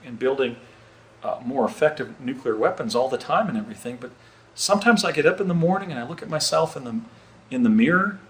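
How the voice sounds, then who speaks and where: A man's voice: mid-range voice, animated, fast, close to an everyday voice, poor audio. A man doing an impression of a young, folksy man who is amazed at his own future, speaking in a drawl.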